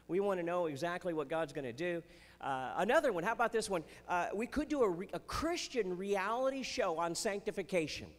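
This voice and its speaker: Man, stand-up comedian, slightly high voice, long hall reverb, faint hiss. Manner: chatty, jokey, playful asides. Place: festival stage before a live audience.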